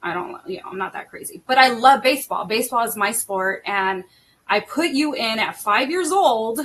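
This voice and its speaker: Bright-voiced woman podcast host. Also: a little high, lively intonation, moderate pace. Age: middle-aged. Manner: emotional, laughing often, many fillers. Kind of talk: casual chat.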